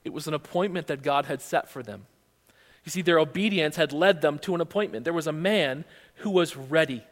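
A male pastor preaching a sermon, retelling the text with animated storytelling and rhetorical questions, in a long-reverb hall. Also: a little high, fairly quick.

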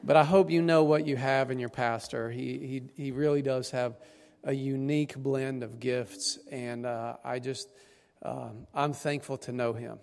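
A man with an East Tennessee hillbilly twang addresses a congregation, a little tired and full of folksy, self-deprecating humor. His voice is mid-pitched and rings out in a church hall with a long reverb. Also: steady tone, unhurried, gravelly, a little mellow. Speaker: district superintendent, guest preacher. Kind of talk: sermon introduction. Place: church sanctuary.

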